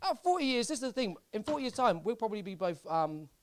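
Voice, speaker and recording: A young man from Southampton, doing stand-up on a club stage. He talks in a fairly high, very lively voice, deadpan and halting, and he repeats his lines. The sound is close and dry through a handheld mic. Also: dry recording. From Southampton, England. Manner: deadpan, hesitant delivery with many fillers and repeats. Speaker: stand-up comedian. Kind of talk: live stand-up set.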